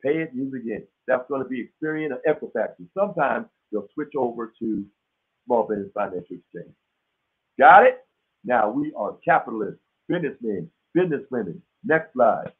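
A man's voice: mid-range voice, lively intonation, fairly quick, breathy edge. A man hosting a live business webinar in a casual, folksy, emphatic way, often checking in with his listeners, his throat dry. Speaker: webinar host teaching business credit. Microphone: webinar call audio. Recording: tinny phone-like webinar audio.

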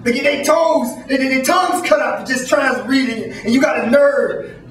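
Man putting on a furious, yelling slave master. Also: very high voice, moderate pace. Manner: yelling, scolding, repeats "boy". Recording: echoey room, distant mic.

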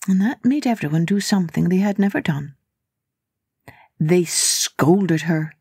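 A woman hosting a children's podcast, telling a story in an expressive, unhurried read-aloud manner. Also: fairly low pitch, husky.

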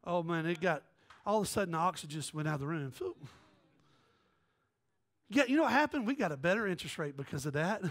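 A man's voice: sits high, quick pace, long pauses. A man preaching a sermon as pastor, telling a story with quoted voices and jokes. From American South. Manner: animated, joking, jumps between quoted voices.

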